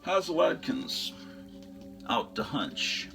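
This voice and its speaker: A man's voice: on the high side, sing-song, slow, vocal fry, sharp tone, faint music behind. A man hosting a show, chatting casually and enthusiastically about his record collection in a rambling way, often trailing off into fillers.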